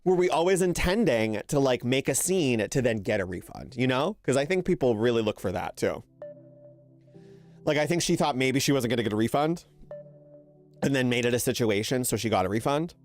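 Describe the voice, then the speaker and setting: A man's voice: mid-range voice, expressive, brisk, faint music behind. A young man streaming a game, telling a rambling story in a casual chat and laughing often.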